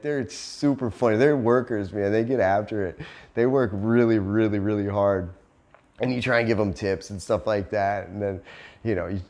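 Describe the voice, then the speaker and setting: A man's voice: on the low side, darkish tone. A man telling a casual story for a vlog, laughing often, swearing freely and acting out other people's voices. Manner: laughing often, loose and profane, acts out voices. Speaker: vlogger. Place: living in Cambodia.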